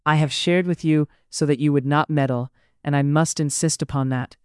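A narrator voicing a grave, restrained gentleman and older brother in a read-aloud story, with a smooth voice. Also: medium pitch, fairly even intonation, moderate pace, no room sound, studio quality, natural voice. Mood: firm. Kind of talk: audiobook character reading.

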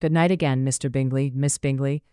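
A narrator voicing a witty, spirited young gentlewoman with a wry, teasing manner in an audiobook reading. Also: mid-range voice, steady tone, brisk, clear, resonant tone, no echo, clean studio sound, close to an everyday voice.

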